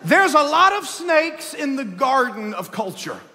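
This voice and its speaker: A man preaching a lively Easter sermon in a church, swinging between loud calls and hushed storytelling. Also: extremely high pitch, unhurried. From Texas. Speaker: pastor. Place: church sanctuary, live service. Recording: long church hall reverb.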